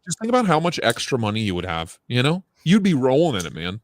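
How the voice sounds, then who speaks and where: A man's voice: mid-range voice, wildly swooping pitch, fast talker, no echo. Jokey man with a dry voice. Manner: jokey, laughs often, teasing. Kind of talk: casual chat.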